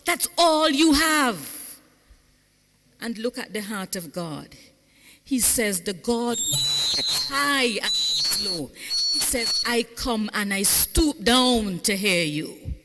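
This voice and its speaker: A woman preaches to her congregation with a bright, forceful voice, calling out for answers and swelling into sung cadences. Her voice rings through a large church sanctuary with a long, echoing reverb. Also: medium pitch, sing-song, slow pace. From Saint Vincent and the Grenadines. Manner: call-and-response preaching, rising into fervent sung cadences. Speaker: pastor. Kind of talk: sermon. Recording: echoey church hall.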